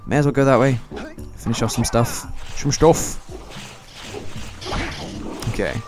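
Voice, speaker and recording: A young man rambles through his gameplay commentary, cracking jokes and swearing at his mistakes. His voice sits at an ordinary pitch. Game music plays clearly behind him. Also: measured pace. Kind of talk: casual let's play commentary.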